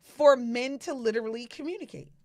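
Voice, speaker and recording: A woman's voice: a little high, brisk, dry recording, clean studio sound. A woman co-hosting a casual talk show, asking pointed questions in a playful way. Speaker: co-host.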